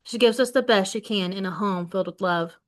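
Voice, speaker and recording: A woman's voice: mid-range voice, brisk. Woman teacher reading a novel aloud. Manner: expressive read-aloud, voicing quoted lines with more force. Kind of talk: reading a novel aloud, then giving class questions.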